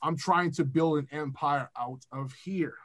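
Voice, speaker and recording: A young music producer from Massachusetts is a guest in a podcast chat, talking casually with animated, profane rambling. His voice is on the high side and his pace measured.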